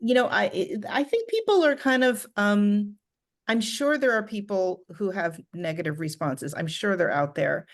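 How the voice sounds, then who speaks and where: Woman, author guest, casual chat, animated, laughs a lot, acts out quotes, video call. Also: medium pitch, moderate pace. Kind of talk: casual conversational interview.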